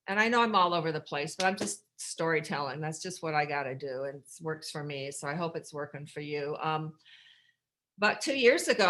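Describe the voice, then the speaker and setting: A middle-aged American woman speaking at a recovery workshop, telling her own story in a candid, rambling way with dark humor and many restarts. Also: lowish voice. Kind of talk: personal storytelling share.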